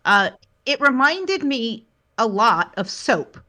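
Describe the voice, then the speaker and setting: Woman, podcast chat, bright voice, somewhat high, brisk, opinionated. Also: big pitch swings. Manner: brisk, opinionated, short agreeing replies. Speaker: podcast co-host. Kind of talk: casual chat.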